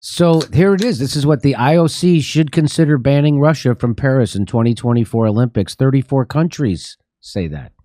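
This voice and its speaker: A man's voice: medium pitch, warm tone, dry recording, clean studio sound. Sarcastic, profane male talk-show host. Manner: sarcastic, profane, jokey asides. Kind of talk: political comedy talk.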